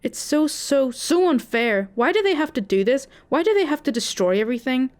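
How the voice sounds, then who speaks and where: Woman doing a tiny orphan boy, crying, frightened, higher voice, storytime reading. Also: animated, fairly quick, darkish tone. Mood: despairing.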